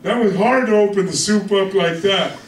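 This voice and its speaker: High-voiced joking pastor, echoey hall. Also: male voice, normal speed, slight background noise. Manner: conversational, joking, keeps asking "you with me?". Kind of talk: sermon. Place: church hall with congregation. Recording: echoey hall from far off, congregation.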